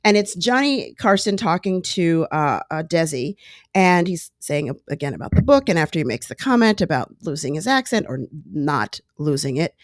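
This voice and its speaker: A woman hosting a casual talk show, chatting in a digressive, animated way as she retells an old clip. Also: deep voice, normal speed, no echo, clean studio sound. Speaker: podcast host. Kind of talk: casual monologue commentary.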